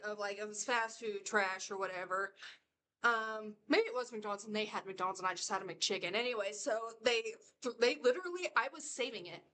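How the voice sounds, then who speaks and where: A woman's voice: fairly high pitch, pushed and bright. A woman rambling through a casual reaction video, laughing often and circling back on her points. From United States. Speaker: reaction vlogger.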